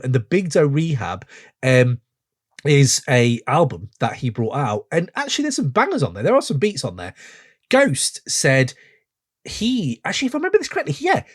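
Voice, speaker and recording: A man in his forties hosting a podcast, reviewing a song in an excitable, gushing way full of rambling asides. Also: mid-range voice. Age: 40s. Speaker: podcast host. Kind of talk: casual music review chat.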